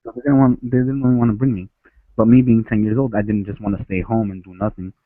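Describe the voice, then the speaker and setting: A man from Ecuador phones in via headset to tell a childhood story, his fairly low voice moving little in pitch at a quick pace. There's no room sound, the line is dry and tinny like a phone, and he rambles with many restarts.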